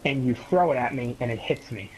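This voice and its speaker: A young man casually telling a long story to a friend in a rambling, profane, animated way. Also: medium pitch, fairly quick, a little hiss or hum, low-quality recording.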